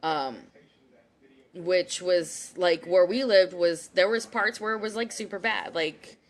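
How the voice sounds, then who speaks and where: A young woman from Houston, Texas, a psychic reader and commentator, speaks slowly in a fairly low voice through a webcam or phone mic. Her casual live-stream monologue is heated and profane, rambling along with many fillers and restarts.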